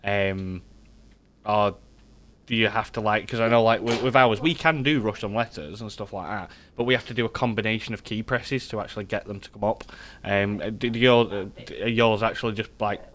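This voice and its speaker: A man's voice: on the low side, fairly quick, a little hiss or hum. A man streaming a game live, chatting with viewers in a rambling, thinking-aloud way and muttering to himself as he works. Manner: mutters quietly to himself during tasks. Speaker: streamer playing a mechanic game.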